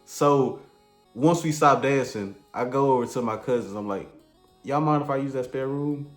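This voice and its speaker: A man spins a crude comedy storytime in a relaxed, slang-heavy, rambling voice of ordinary pitch. His voice rings around an echoey room, with faint music playing underneath. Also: normal speed. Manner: laid-back, slangy, rambling delivery.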